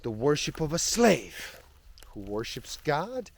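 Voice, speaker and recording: A man reading passages of a spiritual book aloud in a slow, reflective way. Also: a little high, big pitch swings, gravelly, a little hiss or hum.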